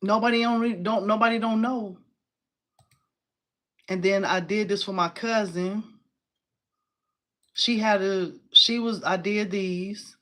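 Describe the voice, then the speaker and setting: A woman's voice: mid-range voice, slow pace, pauses often. Chatty woman hosting a craft livestream. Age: 40s. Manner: chatty and animated, addresses viewers as y'all, laughs often. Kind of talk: casual livestream chat, showing crafts and reading comments.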